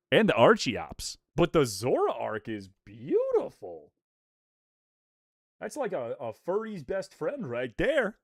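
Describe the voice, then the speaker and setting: An excitable young man streaming live and opening card packs, his pitch bouncing all over the place as he chats. He sits a little above the usual male range and swears now and then. The recording is close and dry, with no room sound. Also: no room sound. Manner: excitable, animated, swears casually, reads chat aloud.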